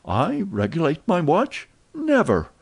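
Man doing a lively young French manservant, raised excitable voice, warm mellow tone, chatty, storybook reading. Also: medium pitch, moderate pace, voice pushed up. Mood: excited chatter. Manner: eager, voluble, exclamatory.

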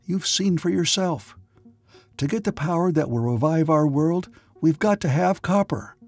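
Male narrator as steady young leader, calm and firm, husky tone. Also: fairly high pitch, a little slow, soft background music, voice pushed up.

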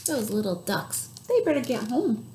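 A woman who works as a children's librarian, reading a picture book aloud with animated gasps and animal noises. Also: a little high, moderate pace, echoey room, slight background noise.

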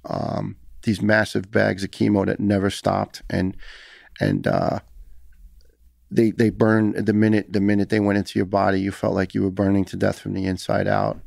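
Man, low pitch, dry close mic, earnest, heated, stumbling repeats. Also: moderate pace, vocal fry, darkish tone, no echo. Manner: earnest, heated, repeats words when emotional. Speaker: podcast guest, retired firefighter. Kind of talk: casual storytelling interview.

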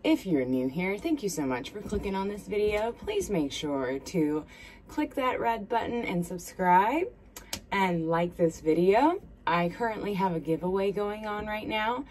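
A woman's voice: mid-range voice, big pitch swings, a little slow, a little mellow. A woman in her thirties from South Carolina with a thick Southern accent, chatting in a rambling, friendly way to her viewers while doing her makeup, recorded on a smartphone. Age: 30s. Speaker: beauty vlogger. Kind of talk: casual get-ready-with-me chat.

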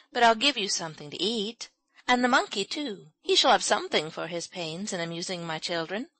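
A woman's voice: pushed and bright, no echo, low-quality recording. Woman narrating a classic story, dry close mic. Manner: voices characters with raised pitch and volume. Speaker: audiobook narrator. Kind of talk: scripted narration of a classic children's novel.

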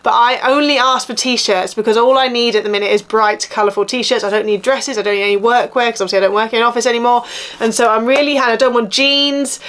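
A woman's voice: a little high, fairly even intonation, fast talker, fairly bright tone, a little hiss or hum. A woman in her thirties with an Essex accent, chatting casually and complaining through a clothing haul. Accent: Essex English. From England. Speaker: vlogger.

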